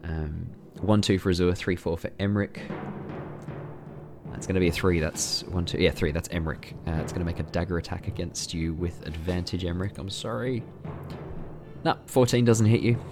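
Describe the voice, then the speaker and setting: Give me a relaxed man with a low voice narrating as game master, with music underneath. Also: normal speed. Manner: relaxed, chatty, laughs often.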